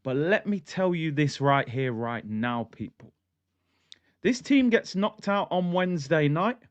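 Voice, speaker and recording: A man's voice: on the high side, sing-song, a little slow, dry recording. A man hosting a football livestream, talking in a passionate, blunt, ranting way. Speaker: football channel host. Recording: dull lo-fi, dry sound.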